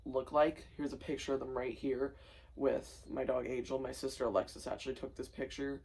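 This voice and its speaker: A man's voice: medium pitch, little pitch movement, a little fast, vocal fry, darkish tone, slightly rough, poor audio. A tired, sleep-deprived young man talking casually as a vlogger, subdued and rambling with fillers and restarts. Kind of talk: casual personal storytelling.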